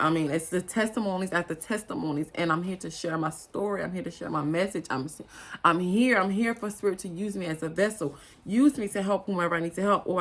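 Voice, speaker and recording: A woman, talking to her viewers in an earnest, emotional and rambling casual monologue. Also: on the low side. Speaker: spiritual vlogger.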